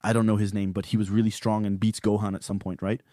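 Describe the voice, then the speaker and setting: A man's voice: lowish voice, level tone, fast talker, dark tone, no echo, studio quality. A man co-hosting a podcast in casual chat, blunt and opinionated in how he talks. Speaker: podcast co-host.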